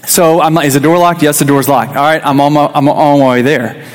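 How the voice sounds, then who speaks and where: Youth pastor in his thirties, slightly high voice, casual storytelling sermon in a reverberant church. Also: fairly even intonation, brisk. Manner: conversational, restarts often, acts out quotes. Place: church sanctuary.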